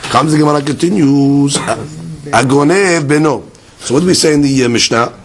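A man teaching a Talmud class, explaining passages with lively emphasis, mixing Hebrew-Aramaic terms into English and repeating words as he works through the argument. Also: a little high, moderate pace.

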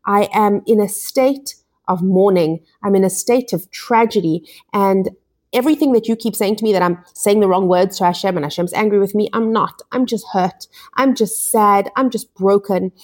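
A woman's voice: medium pitch, moderate pace, a little mellow, lightly acted. A woman voicing a grieving biblical man in a scripture lesson, pleading his innocence in an anguished voice and repeating her words.

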